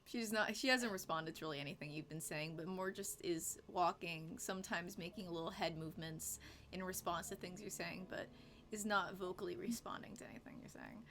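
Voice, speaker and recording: A woman narrating as game master of a tabletop game, lively and often dropping to soft narration. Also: lowish voice, brisk, slight background noise.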